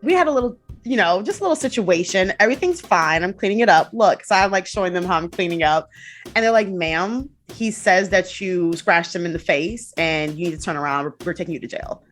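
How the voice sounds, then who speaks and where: A young adult woman telling a personal story in a casual, animated way, acting out the quotes. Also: lowish voice, fairly quick, faint music behind. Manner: animated, acts out quotes with laughs and swearing. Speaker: guest.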